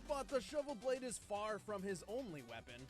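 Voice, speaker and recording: A man's voice: sits high, big pitch swings, moderate pace, faint music behind. An actor playing a brainy male co-host who lays out facts in an explaining tone, from a web show played back. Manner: expository, dry explaining tone.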